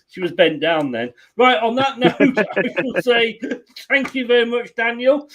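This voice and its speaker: A man's voice: extremely high pitch, expressive, slow, lo-fi sound, crowd noise. A man hosting a football watchalong stream, chatting casually, teasing and laughing often. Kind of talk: casual chat.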